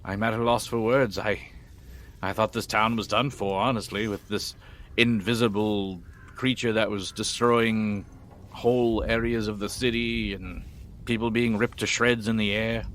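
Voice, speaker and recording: A man's voice: lowish voice, flat delivery, unhurried, fairly bright tone. A man voicing a fussy, anxious town mayor who gushes and frets in formal phrases over faint hiss. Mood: flustered. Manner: flustered, gushing, formal.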